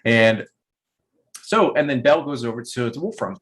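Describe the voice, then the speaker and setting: A man runs a tabletop game and narrates as game master. He rambles through his descriptions with plenty of fillers, at a mid-range pitch. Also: animated, moderate pace, fairly bright tone.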